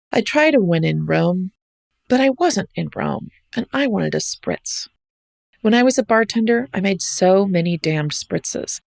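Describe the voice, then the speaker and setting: With a creaky, darkish mid-range voice and no echo, an American woman reads her personal travel essay for her podcast. Her delivery is wry and reflective, in an American accent.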